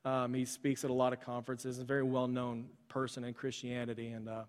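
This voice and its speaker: Male pastor mid-sermon, casual storyteller with ums and restarts, mid-pitched, recorded in a reverberant church hall. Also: completely flat delivery, fairly quick. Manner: conversational, with frequent fillers and restarts.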